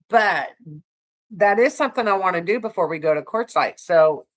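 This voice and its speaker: A woman's voice: mid-range voice, animated, unhurried. A woman co-hosting a casual livestream, chatting with viewers in a rambling way and laughing often. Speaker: livestream co-host.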